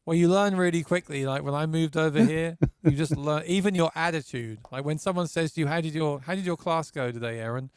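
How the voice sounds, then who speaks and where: A man's voice: fairly high pitch, brisk, few pauses, clean tone, dry recording, studio quality. A man from England, a musician guest, chatting casually on a video stream and often repeating words as he restarts sentences.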